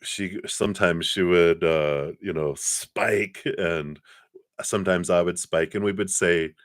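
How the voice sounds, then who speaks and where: Man, tarot reader, low voice, dry close mic, chatty, laughs a lot. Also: steady tone, unhurried, no room sound. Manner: chatty, laughs often, trails off with fillers. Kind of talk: live-streamed tarot reading.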